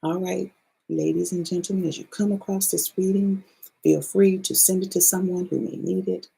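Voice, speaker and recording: A woman's voice: on the low side, fairly even intonation, normal speed, creaky, mellow, slightly rough, poor audio. A woman giving a casual spiritual card reading to her viewers in a loose, salty, chatty way.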